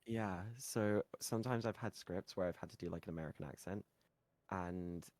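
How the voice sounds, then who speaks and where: A man's voice: low voice, normal speed, darkish tone, no room sound. A British man, a guest creator of ASMR roleplays, talking casually over a voice call and circling around his points. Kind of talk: casual chat.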